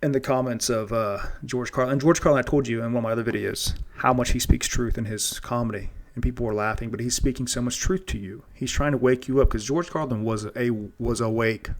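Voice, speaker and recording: A man's voice: medium pitch, fairly even intonation, a little fast, few pauses. A man hosting a casual monologue show, rambling and earnest, often restarting and repeating words. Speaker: podcast host.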